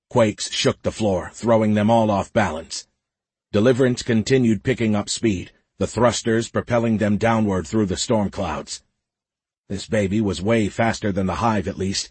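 A man narrating a science fiction audiobook in a steady, measured way. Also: on the low side, breathy edge, no room sound. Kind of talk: scripted narration.

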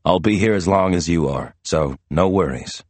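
A man doing a calm, protective detective. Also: sits low, normal speed, dry recording. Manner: steady, reassuring.

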